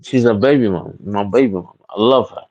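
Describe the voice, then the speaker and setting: A man's voice: fairly low pitch, fast, darkish tone, highs cut off. A man calling into a live chat, stammering and repeating his words. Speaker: caller. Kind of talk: casual call-in talk.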